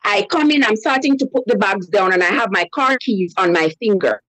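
A woman's voice: mid-range voice, brisk, no room sound, low-quality recording. A woman telling a personal story on a call-in show, animatedly acting out the voices of the people in it. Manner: animated storyteller who acts out quoted voices. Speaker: caller.

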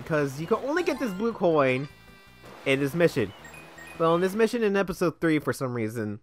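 A man's voice: a little high, a bit bright. A young man giving casual, rambling gameplay commentary as a let's play host, sidetracked and self-deprecating.

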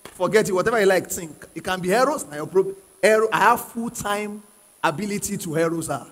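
A man's voice: sits high, animated, brisk, fairly bright tone. A male pastor preaching a sermon to a live congregation, emphatic and repeating key phrases, often asking the crowd to answer. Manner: asks the congregation questions and prods them to answer. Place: church hall with live congregation. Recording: long reverb of a large hall.

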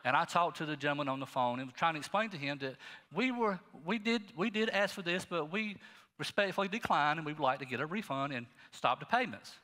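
Middle-aged guy pastor, high bright voice, folksy preaching in a big reverby church. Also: fast talker. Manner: folksy, animated preaching with asides to the congregation. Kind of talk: sermon. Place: church sanctuary.

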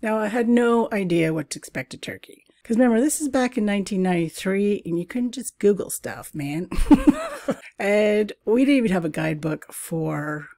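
Gravelly-voiced woman chatting casually. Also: medium pitch, big pitch swings, normal speed, dark tone, no echo, studio quality. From Canada. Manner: chatty, laughs often, fillers and asides. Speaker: podcast host. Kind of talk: casual solo podcast chat.

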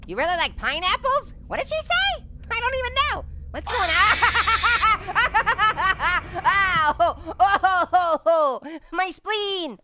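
A man voicing a hyper, wisecracking male talking orange who hosts a cartoon gaming let's-play, with punning, jumpy, giggly commentary and a squeaky voice. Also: wildly swooping pitch, normal speed, very noisy, full character voice. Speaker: gaming host.

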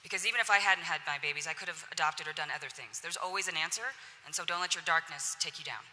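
A woman's voice: low voice, fast, pushed and bright. A woman speaking frankly and directly on a panel at a symposium, in a conversational tone. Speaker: senior enlisted leader on a panel. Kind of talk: candid panel talk at a symposium. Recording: echoey hall.

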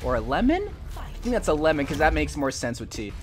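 A young man giving goofy, excitable gameplay commentary into a desk mic, yelling and laughing at his matches. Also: a little high, quick pace, music in the background. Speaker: gaming YouTuber.

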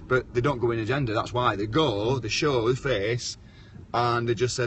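A man's voice: mid-range voice, normal speed, a bit bright. A man hosting a casual live-stream chat, talking bluntly and swearing now and then. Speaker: show host. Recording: faint background noise.

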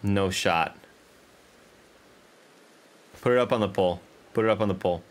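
A male streamer commenting casually on a game, excitable and swearing often while he talks to the game and chat. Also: deep voice, fast. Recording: game music playing under voice.

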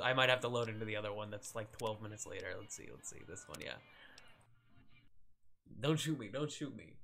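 Bright-voiced young man streaming a game. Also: medium pitch. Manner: rambling and self-deprecating, laughs often, swears, yelps at scares. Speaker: streamer playing a modded game. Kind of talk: casual gameplay commentary.

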